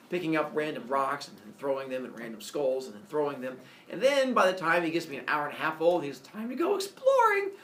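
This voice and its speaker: A man casually retelling a myth as a comedy story, animated, with jokey asides and lots of fillers. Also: on the high side. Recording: echoey room, mic far off.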